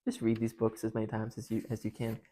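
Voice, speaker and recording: A speaker at a parish gathering retelling a story to a group in a casual, animated way. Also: mid-range voice, quick pace.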